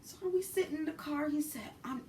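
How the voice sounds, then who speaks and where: Animated Brooklyn woman telling a story. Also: sits high, moderate pace, far from the mic, a little hiss or hum. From Brooklyn, New York. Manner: animated, profane, dramatic storytelling. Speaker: vlogger. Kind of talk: storytime vlog.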